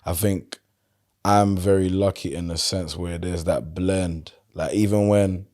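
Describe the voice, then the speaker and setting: Deep-voiced South London man, relaxed. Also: measured pace. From London, England. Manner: relaxed storyteller, loose and chatty. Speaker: podcast guest. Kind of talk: casual conversation.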